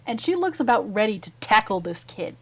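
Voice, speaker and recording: A woman narrating a tabletop fantasy game as game master, relaxed with many fillers. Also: mid-range voice, fairly quick, slightly rough, rough recording.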